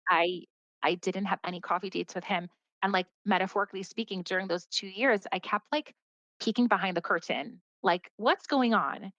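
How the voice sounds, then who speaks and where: A woman's voice: on the low side, steady tone, a little fast, a bit bright, no echo. A woman talks as a podcast guest, recounting her story earnestly and casually. She leans on "like" as she goes. The audio is dry and slightly dull, with a lo-fi edge. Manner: earnest, heavy use of "like" as a filler.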